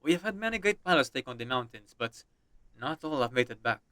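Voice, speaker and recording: A man voicing a stern, dependable army officer who speaks in a measured, warning tone. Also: mid-range voice, expressive, bright, forceful tone, clear, resonant tone, no room sound, clean studio sound.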